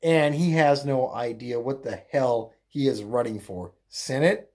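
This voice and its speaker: Solo political vlogger, unhurried delivery, scornful and laugh-prone, mid-range pitch. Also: darkish tone. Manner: mocking, laughs often. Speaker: political commentator. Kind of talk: political commentary rant.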